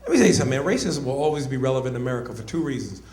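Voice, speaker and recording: A man doing stand-up comedy, loud and animated, often shouting. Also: mid-range voice, very fast. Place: comedy club stage. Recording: echoey club with crowd noise.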